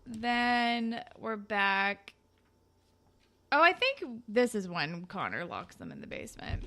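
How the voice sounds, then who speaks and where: A woman's voice: mid-range voice, very animated, slow pace, vocal fry, a bit bright. A young woman co-hosting a podcast, recapping a TV episode in casual, profane chat and mimicking the characters. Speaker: podcast co-host.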